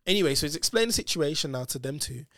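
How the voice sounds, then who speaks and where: Slangy young man, fairly high voice. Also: animated, quick pace, sharp tone, dry recording, studio quality. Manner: slangy, laughs often, acts out voices in his story. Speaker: storyteller in a casual chat. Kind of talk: casual chat, animated anecdote.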